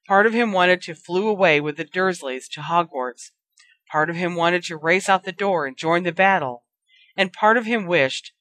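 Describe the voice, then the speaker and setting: A narrator reading a fantasy fan fiction story aloud in a steady, dramatic way. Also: mid-range voice, dry recording.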